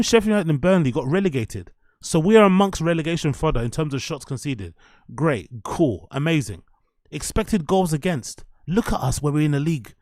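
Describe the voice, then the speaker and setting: A man hosting a live stream, ranting and swearing heavily about his football club, then calming down and muttering as he greets viewers. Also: on the high side, no room sound, clean studio sound. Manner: subdued and muttering after the rant. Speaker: streamer and show host.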